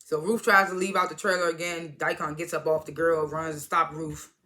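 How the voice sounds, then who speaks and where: Bright-voiced casual episode recapper. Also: mid-range voice, little pitch movement, fairly quick. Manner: retells scenes with "he was like" quotes, swears casually; chuckles through the retelling. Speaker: TV episode reviewer.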